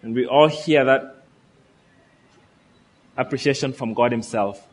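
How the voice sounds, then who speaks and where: A man's voice: medium pitch, measured pace, long pauses. A man preaching a sermon, reading scripture aloud and earnestly asking his listeners questions.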